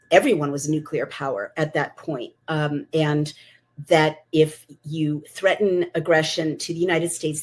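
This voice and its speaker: A middle-aged woman, a political commentator, reading her essay aloud and breaking off into enthusiastic asides full of fillers. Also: low-pitched. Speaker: political commentator, former consultant.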